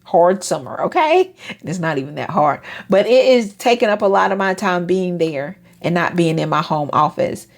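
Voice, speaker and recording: A woman, hosting a casual motivational talk and acting out quoted friends in higher voices. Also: moderate pace, vocal fry, few pauses. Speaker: host.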